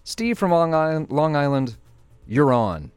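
A man's voice: a little high, sing-song, unhurried, a little mellow, clear, resonant tone, dry recording, faint music behind. A middle-aged man hosting a radio call-in joke show, playful and enthusiastic as he tells stories.

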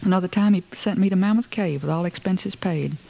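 A woman's voice: fairly low pitch, fairly quick, vocal fry, dark tone, highs cut off. A woman narrating a story in the first person, with a wry, aggrieved storytelling manner.

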